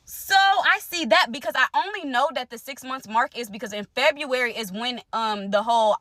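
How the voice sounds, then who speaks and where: A young woman telling viewers a personal story in casual vlog talk, animated and direct, acting out what others said. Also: normal speed, few pauses. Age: young adult. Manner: animated, talks straight to viewers, acts out quotes; wide swings in pitch and loudness. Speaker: storyteller vlogger.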